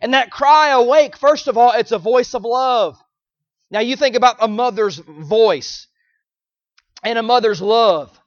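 High-voiced pleading preacher. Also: male voice, measured pace, no room sound, muffled recording. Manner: emphatic, repeats phrases, swings from loud pleading cries to low quiet lines. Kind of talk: sermon.

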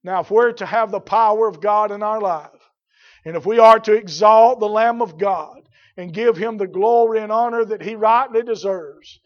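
A man preaching a sermon, swinging from loud shouts to quiet, drawn-out emphatic words. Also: sits high, dull audio.

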